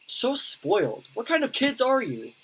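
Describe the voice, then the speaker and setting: A woman's voice: fairly high pitch, wildly swooping pitch, slight background noise. A woman playing through a visual novel, reading the characters' lines aloud in different voices and breaking off to comment. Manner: reads lines in many voices, quick reactions and laughs. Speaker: gaming YouTuber. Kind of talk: let's play, reading game dialogue aloud with commentary.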